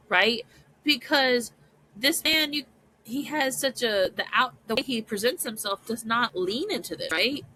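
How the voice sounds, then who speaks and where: A woman hosting a podcast talks through a story in casual commentary. Her voice is bright and forward, and she speaks at an unhurried pace. She keeps checking in with her listeners. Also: fairly high pitch, slight background noise, poor audio. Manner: chatty, often asks "right?". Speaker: podcast host.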